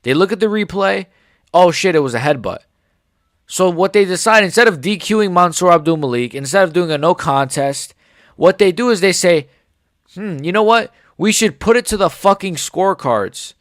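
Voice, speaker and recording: A man's voice: sits high, expressive, moderate pace, a bit bright, no echo, studio quality. A man in his forties giving a heated, sarcastic reaction rant full of swearing. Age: 40s. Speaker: MMA commentator.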